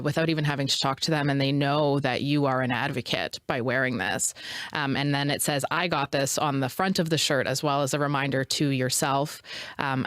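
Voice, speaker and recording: Low-voiced Canadian woman, halting guest. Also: no echo, clean studio sound. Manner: soft-spoken, halting with fillers. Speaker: interview guest. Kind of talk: emotional news interview.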